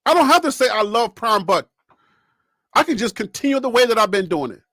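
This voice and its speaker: A man with a fairly high voice hosts his own sports talk stream and speaks straight to viewers and chat. He talks in an animated way and laughs often. The mic is close and the sound is dry. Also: racing, dry recording. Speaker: sports channel host. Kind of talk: casual live-stream commentary.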